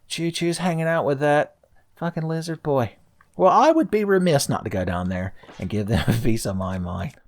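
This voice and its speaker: Low-voiced, wisecracking man in his thirties. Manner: jokey, sarcastic, profane asides. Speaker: let's play host. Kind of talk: casual gameplay commentary. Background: faint game music.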